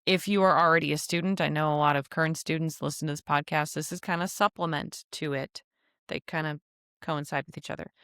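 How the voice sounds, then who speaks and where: A woman's voice: sits low, fairly even intonation, fairly quick, a bit bright, clear, resonant tone, no room sound, clean studio sound. Chatty nasal woman podcast host. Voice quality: nasal from allergies. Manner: rambling, chatty, self-deprecating. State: stuffy with allergies. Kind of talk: casual solo podcast monologue.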